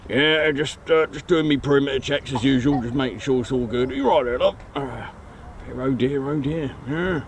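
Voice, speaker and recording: A man's voice: medium pitch, moderate pace, pitched below the performer's own voice, close to an everyday voice. A man voicing a chatty middle-aged male base security guard, rambling and joking outdoors. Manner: rambling, jokey, repeats "there now". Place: outdoors at an airfield viewing area.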